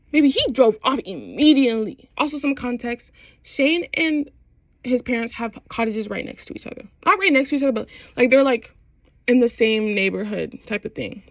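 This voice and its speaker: A woman chatting excitedly through a show recap, slangy and quick to laugh. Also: on the high side, no echo. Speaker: vlogger.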